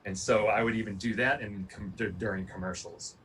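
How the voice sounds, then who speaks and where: A man's voice: fairly low pitch, fairly quick. Guy in his 40s rambling through a motivational talk, lots of um and you know, mic kinda far off. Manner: rambling, animated storytelling with many fillers. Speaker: Olympic pole vaulter sharing his story. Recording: distant mic, faint room noise.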